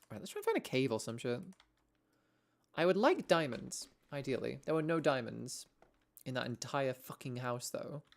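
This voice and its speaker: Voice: medium pitch, big pitch swings, moderate pace, creaky. A young adult streamer from Wales chatting casually with viewers while playing, sweary and rambling, with lots of asides. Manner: chatty and sweary, with frequent self-interrupting asides. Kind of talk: casual gameplay chat with viewers.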